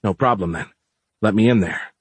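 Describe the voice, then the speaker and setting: A man's voice: on the low side, normal speed, breathy edge, dry recording. A man voicing a sleepless, impatient man who makes terse, insistent demands. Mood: impatient, demanding.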